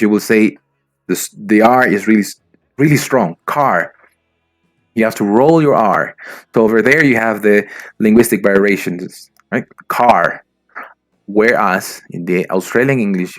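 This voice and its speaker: A man's voice: on the low side, no room sound, clean studio sound. A man, a native Spanish speaker, giving an educational presentation, explaining things with fillers and frequent rhetorical "right?" checks.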